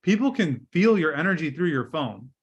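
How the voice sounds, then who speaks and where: A middle-aged man giving a live online sales training from a hotel room, talking in an energetic, direct coaching way over a computer mic. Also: fairly high pitch, moderate pace, husky, muffled recording.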